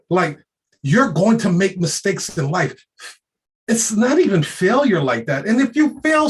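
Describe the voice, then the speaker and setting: Brash, profane man, somewhat high voice. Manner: profane, loud and emphatic, with frequent laughs; streetwise slang. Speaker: motivational speaker. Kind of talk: unscripted motivational rant.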